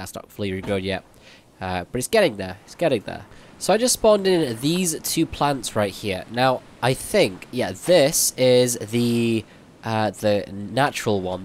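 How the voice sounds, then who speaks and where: A man's voice: medium pitch, slight background noise. A man giving casual gameplay commentary on a survival game update, thinking aloud as he plays. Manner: chatty, thinking aloud while playing. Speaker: gaming YouTuber.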